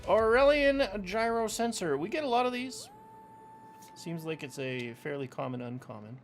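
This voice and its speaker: A man's voice: sits high, big pitch swings, normal speed, soft background music. A man casually chatting to viewers while opening trading card packs at home, playful and talkative. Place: room at home with fans running.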